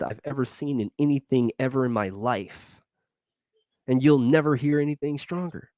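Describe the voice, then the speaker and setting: A man's voice: mid-range voice, moderate pace, warm tone, no room sound. A man giving a casual motivational talk as host, in slangy speech that repeats its phrases and breaks into laughs between points.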